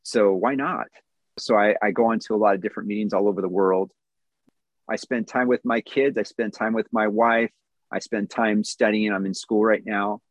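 A man's voice: lowish voice, steady tone, moderate pace, no echo, lo-fi sound. A man in his thirties giving an earnest, candid personal testimony at a recovery meeting, answering questions with small self-deprecating laughs.

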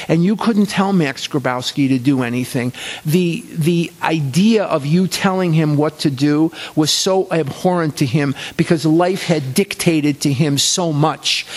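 A man telling his life story in an earnest way, repeating phrases for emphasis. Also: on the high side. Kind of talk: personal storytelling talk.

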